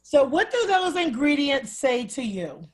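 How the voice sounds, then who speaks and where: A woman's voice: high-pitched, sing-song, a little slow. A woman political activist guesting on a radio talk show, assertive and dramatic, asking rhetorical questions. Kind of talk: radio interview.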